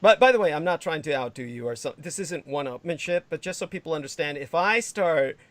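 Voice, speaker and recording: A man's voice: fairly high pitch, animated, quick pace, fairly bright tone, no echo. A sleep-deprived man hosting a casual livestream chat, rambling with lots of fillers and restarts. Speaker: livestream host.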